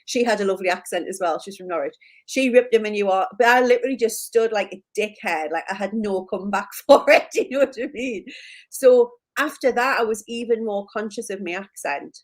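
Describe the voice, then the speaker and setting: A woman from Newcastle, England, co-hosting a live chat, tells stories in her Geordie accent, fairly quickly and at medium pitch. She's chatty, full of "like," and quick to laugh at herself.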